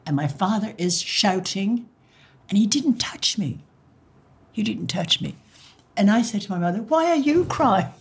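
Irish older woman telling lively stories. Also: medium pitch, a little slow, gravelly, long pauses, slightly rough. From Ireland. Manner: lively, acts out voices in her stories. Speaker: interviewee. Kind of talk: personal storytelling.

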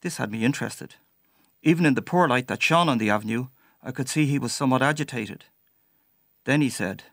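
A man narrating a personal story in a measured, storytelling way. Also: medium pitch, gravelly, no room sound, studio quality.

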